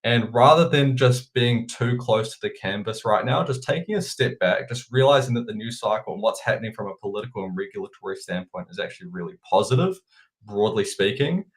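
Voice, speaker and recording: A man's voice: on the low side, a little fast. New Zealand man talking markets. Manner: relaxed, repeats words when thinking. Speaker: guest analyst. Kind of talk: casual market chat.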